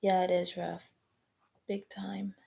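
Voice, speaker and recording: A woman, chatting casually on a live stream, rambling and halting with many ums and restarts. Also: on the low side, little pitch movement, gravelly, warm tone. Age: 20s.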